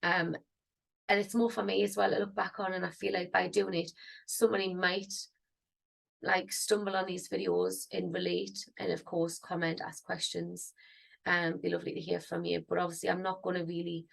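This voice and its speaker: A woman's voice: lowish voice, flat delivery, moderate pace, gravelly, low-quality recording. A woman, rambling and thinking aloud in a casual vlog. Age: 30s. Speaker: singer vlogging.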